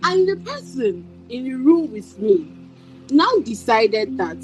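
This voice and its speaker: A woman's voice: high-pitched, sing-song, slow, a little mellow, faint music behind, rough recording. A woman in a book club discussion, speaking hesitantly with many fillers and apologies. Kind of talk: casual discussion.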